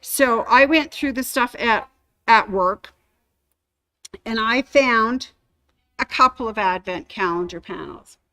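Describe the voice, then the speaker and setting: A woman hosting a sewing shop livestream, chatting casually and giving shout-outs to viewers. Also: on the high side, slow pace, pauses often. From Canada.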